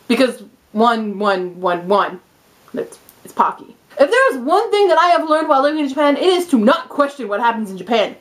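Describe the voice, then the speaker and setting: A young woman vlogging at home, hyper, giggly and excitable, talking straight to her camera. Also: sits high, quick pace. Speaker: vlogger and English teacher in Japan. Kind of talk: casual vlog. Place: indoors at home.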